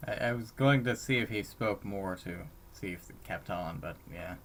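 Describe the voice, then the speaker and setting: A man runs a tabletop game over voice chat with a somewhat low voice. He teases his players and trips over his own restarts. A faint hiss sits behind him. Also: normal speed, a bit bright. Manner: teasing, stammering restarts. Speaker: game master. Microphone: computer mic on voice chat.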